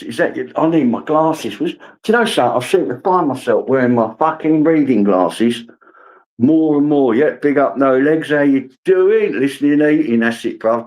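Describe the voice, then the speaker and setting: A man's voice: medium pitch, darkish tone, rough recording. Sweary man chatting on a livestream. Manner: swears freely, greets viewers by name. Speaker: livestream host. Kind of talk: casual livestream chat.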